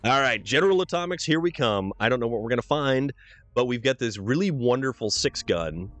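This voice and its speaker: A man's voice: medium pitch, expressive, brisk, fairly bright tone. A man from New Hampshire streaming a game live, chatting casually with viewers and calling them dude. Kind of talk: live gameplay commentary and chat reading.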